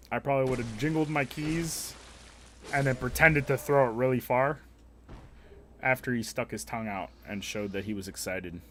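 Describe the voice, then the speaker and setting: A man's voice: mid-range voice, a little hiss or hum. Crude, joking male live streamer. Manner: crude, profane, joking banter with chat. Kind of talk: casual live-stream chat.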